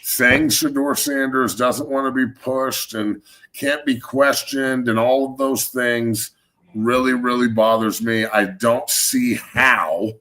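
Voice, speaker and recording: A man in his thirties hosting a sports talk show, ranting in a heated, profane way with loud, emphatic swings. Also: mid-range voice, animated, takes it slowly. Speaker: show host, former NFL lineman.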